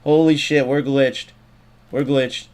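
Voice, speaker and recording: Brief: young male streamer, mid-pitch, excitable live gameplay commentary, swears freely, rants. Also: slow. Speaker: gaming streamer.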